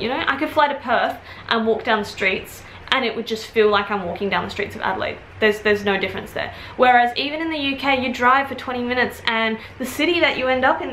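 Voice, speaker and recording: A woman in her twenties from Australia, with an Australian accent softened by British influence, chatting casually to camera at home in a rambling way with quick asides. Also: fairly high pitch, reverberant, slight background noise. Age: 20s. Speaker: vlogger. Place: at home, indoors.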